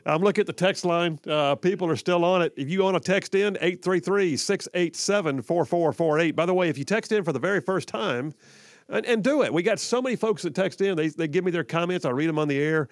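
Male radio host, chatty joker, slightly high voice, dry studio sound. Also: a little fast, dry recording. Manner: chatty, joking, repeats himself. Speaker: radio talk show host. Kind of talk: live talk radio. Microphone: studio microphone.

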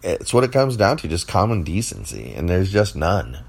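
Deep-voiced man ranting casually. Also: big pitch swings, gravelly, husky. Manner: blunt, ranting complaints with drawn-out emphasis. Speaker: podcast co-host. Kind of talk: casual chat.

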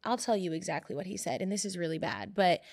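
Fast-talking with vocal fry, this young podcast co-host recounts something that happened to her, heard in clean, dry studio sound. She performs the quoted lines animatedly, pitching her voice up for them.

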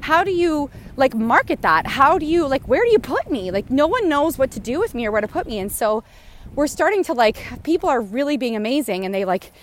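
A woman hosting a podcast talks through her frustrations in a loose, rambling monologue, dropping swear words freely. She is recorded outdoors on a walk, and faint outdoor ambience sits behind her fairly high voice. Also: sing-song, a little fast, a little hiss or hum. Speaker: podcast host. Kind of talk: casual spoken monologue. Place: outdoors, walking near a goose.

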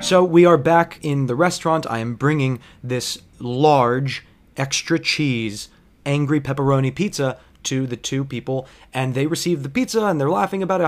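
A man's voice: mid-range voice, normal speed. Profane, digressive male storyteller. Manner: digressive, profane, self-reflective. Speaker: bartender. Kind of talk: personal storytelling monologue.

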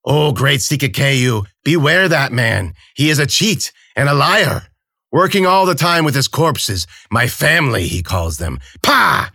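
A man's voice: medium pitch, big pitch swings, measured pace, creaky, bright, forceful tone, breathy edge, no echo, clean studio sound, voice pushed up, exaggerated voice. A man voicing a fawning, scheming old crone in an audiobook, wheedling and raised well above his own voice. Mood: bitter, warning. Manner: wheedling, then bitter and spitting. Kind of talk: audiobook character voice.

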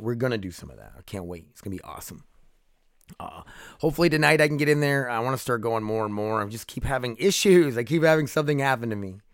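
A man's voice: lowish voice, clear, resonant tone, no room sound, studio quality. A man hosting his own podcast, talking casually in a rambling, profane, self-deprecating way. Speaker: podcast host. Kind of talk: casual solo podcast chat.

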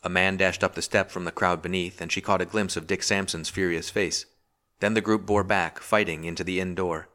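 A man narrating a historical novel as an audiobook in a steady, measured reading. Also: sits low. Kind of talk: scripted narration.

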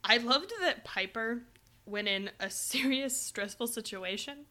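Brief: American woman co-host, bright-toned, playful and giggly chat. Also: fairly high pitch, unhurried. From United States. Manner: playful, giggly, animated retelling. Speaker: podcast co-host. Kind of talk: casual chat.

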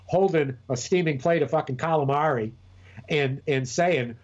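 A man's voice: medium pitch, fairly even intonation, moderate pace, a little mellow, dull audio. A man co-hosting a podcast in casual chat, rambling and profane with many restarts. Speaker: podcast co-host.

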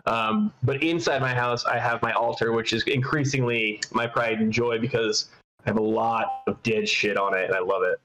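This is a man chatting on a podcast in an easygoing, meandering way. His voice sits at an ordinary middle pitch, full of ums and likes, with casual profanity slipping in. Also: steady tone, normal speed, a bit bright, low-quality recording. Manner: rambling, with many fillers and casual swearing. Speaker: podcast co-host.

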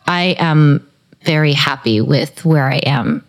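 A woman's voice: low voice, slow pace. A young adult woman chatting as a podcast guest, emotional and rambling, laughing often. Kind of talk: casual chat.

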